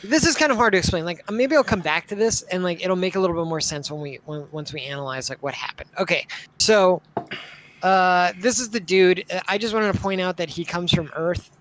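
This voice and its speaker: A man's voice: sits high, a little fast, fairly bright tone, a little hiss or hum, low-quality recording. A young man co-hosting a casual live-stream discussion, rambling with lots of filler words. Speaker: podcast co-host.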